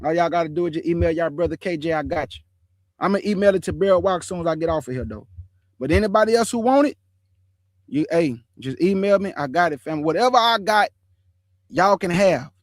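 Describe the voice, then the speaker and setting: A man hosting an online show, chatting casually about scripture in relaxed slang and calling his viewers family. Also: fairly high pitch, fast, dry recording. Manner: laughs often while telling stories. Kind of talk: casual livestream chat on scripture.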